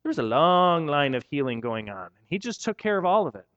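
A man preaching a sermon, telling the story in a playful, animated way with casual slang. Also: on the high side, fairly quick, smooth, dull audio. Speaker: pastor.

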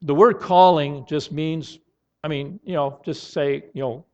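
A man preaching a sermon in an earnest tone, now and then rising to loud, emphatic outbursts. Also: a little high, expressive, measured pace. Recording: dull lo-fi sound.

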